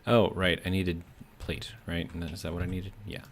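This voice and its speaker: A man's voice: low voice, level tone, moderate pace, slight background noise. A man streaming a building game, chatting casually, reading viewer comments aloud and musing as he plays. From Georgia, USA.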